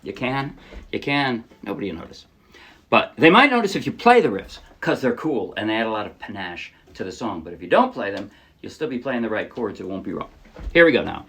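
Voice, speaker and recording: A man's voice: fairly low pitch, sing-song, fairly quick, husky. A man teaching a ukulele song in a casual tutorial, explaining patiently step by step and encouraging beginners. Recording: ukulele playing loudly under voice.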